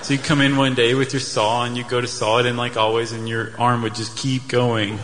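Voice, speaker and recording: A man's voice: medium pitch, flat delivery, a little fast, noisy background. A man co-hosting a live podcast on stage, telling history in a jokey way, slipping into silly quoted voices. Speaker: podcast co-host. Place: theater stage before a live audience. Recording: live hall with long reverb.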